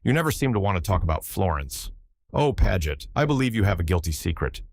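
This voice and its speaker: A man's voice: low-pitched, very animated, a little fast, gravelly, no room sound, studio quality, heavily acted. A man voicing a bold young woman who teases and needles in an arch, playful way. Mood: teasing. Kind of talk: audiobook character reading.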